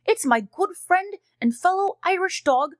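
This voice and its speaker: A cheerful friendly dog host, played by a woman, chatting sweetly and teaching kids as she unboxes. Her voice is high and close, with a dry sound that has no room around it. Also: expressive, a little slow, no echo. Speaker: host of a kids' unboxing video. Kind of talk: kids' educational unboxing narration.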